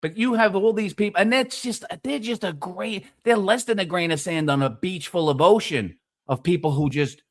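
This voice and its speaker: A man ranting in casual streamed panel chat, profane and preachy, with loud emphatic bursts. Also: high-pitched, normal speed. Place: online streaming call.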